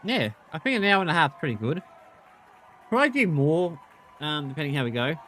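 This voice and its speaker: A man's voice: a little high, big pitch swings, brisk, fairly bright tone, a little hiss or hum. A man hosting a livestream, venting his frustration in casual chat. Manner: irritated, venting. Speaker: stream host.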